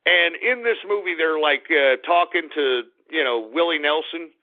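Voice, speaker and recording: High-voiced, blunt radio host. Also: male voice, moderate pace. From Texas. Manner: blunt, crude, opinionated ranting. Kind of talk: ranting call-in radio talk. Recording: tinny phone-like radio audio.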